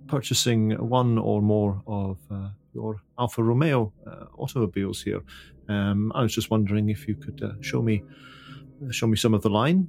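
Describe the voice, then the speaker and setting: A man's voice: lowish voice, vocal fry, darkish tone. A man playing a courteous, formal agent who represents a titled lady. He speaks politely and hesitantly, with many filler sounds.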